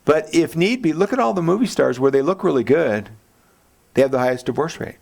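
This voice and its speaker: Casting: a gravelly-voiced man preaching in a church, animated, playful. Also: a little fast. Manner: animated, jokey, acts out quotes with big pitch jumps. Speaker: pastor. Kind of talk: sermon.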